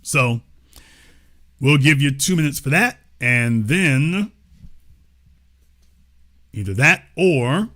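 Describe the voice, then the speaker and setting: A man's voice: medium pitch, expressive, slow pace, long pauses, bright, forceful tone. A man hosting a livestream political commentary show, talking in a mocking, sarcastic way. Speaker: show host.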